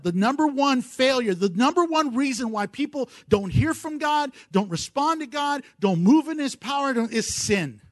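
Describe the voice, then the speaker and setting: High-voiced pastor preaching with emphasis. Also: male voice, no echo. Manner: preaching with rising emphasis and playful asides. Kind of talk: sermon. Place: church service.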